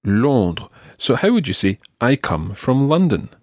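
Slow, patient man teaching. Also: medium pitch, very animated, dry recording, studio quality. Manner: slow, patient, repeats phrases for the learner. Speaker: French teacher. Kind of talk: spoken language lesson.

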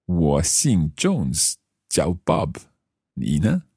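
A man's voice: extremely low pitch, wildly swooping pitch, gravelly, darkish tone, husky, no room sound, studio quality, full character voice. Man playing a polite foreign conference visitor. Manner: slow careful practice dialogue.

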